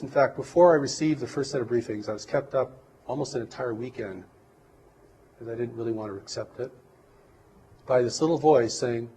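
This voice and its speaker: A man giving an interview as a guest, talking in a calm, reflective and earnest way. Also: mid-range voice, brisk, pauses often, slight background noise, poor audio. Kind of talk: interview talk.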